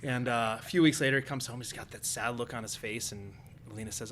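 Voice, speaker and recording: A man guest on a comedy podcast, telling a joke in a halting, rambling way with many restarts. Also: on the low side, slight background noise.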